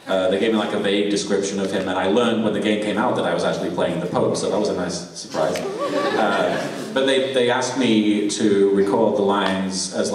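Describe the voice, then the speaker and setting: On a panel in a large convention hall with an audience, a male voice actor tells chatty, self-deprecating anecdotes, laughing as he goes. His voice is on the low side with a darkish tone, and the recording is echoey, distant, and noisy.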